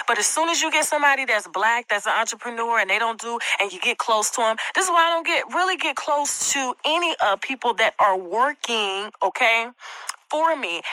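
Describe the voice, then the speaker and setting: Indignant high-voiced woman ranting. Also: sharp tone, dry recording, poor audio. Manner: indignant, profane, rhetorical questions. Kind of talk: recorded live-stream rant.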